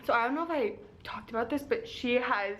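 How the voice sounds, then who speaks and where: A young woman vlogging from home about the book she is reading. Her voice sits a little high and she talks in a loose, animated way, full of "like" and quick asides. A faint hum of the room sits behind her. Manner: chatty and animated, lots of "like" and laughs. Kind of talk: casual reading vlog.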